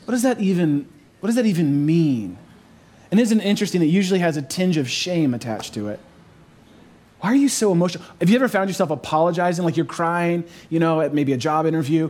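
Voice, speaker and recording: A pastor with a fairly high voice delivers an earnest sermon. He leans into his points with emphasis and slows right down on the phrases he wants to land. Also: a little mellow. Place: church overflow room.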